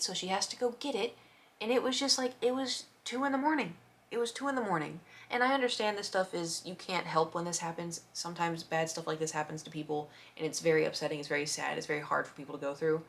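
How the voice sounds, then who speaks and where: A young woman casually telling a neighbor story, acting out quotes and sound effects in a chatty, animated way. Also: on the low side.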